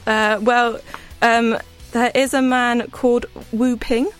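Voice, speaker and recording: A woman's voice: fairly high pitch, little pitch movement, slow pace, clean tone, faint music behind. Giggly young woman on radio. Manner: giggly, hesitant with fillers. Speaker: work experience gadget reviewer. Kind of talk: radio news chat. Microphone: studio microphone.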